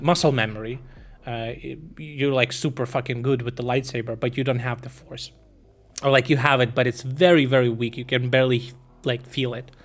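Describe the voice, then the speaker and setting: A man's voice: medium pitch, fairly bright tone. A man streaming, talking in a casual, meandering way with lots of swearing, fillers and restarts. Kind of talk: rambling casual stream chat.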